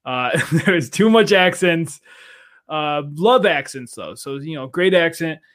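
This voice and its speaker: A male podcast co-host with a slightly high voice. He chats in a loose, rambling way and fills his sentences with "like" and "uh". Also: lively intonation, a little slow, fairly bright tone. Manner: rambling, filler-heavy. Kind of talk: casual panel chat.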